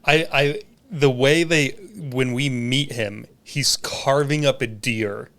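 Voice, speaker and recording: A man's voice: mid-range voice, slow. Laughing, swearing man telling stories. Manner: animated storyteller, swears and laughs often. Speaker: musician guest. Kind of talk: casual chat.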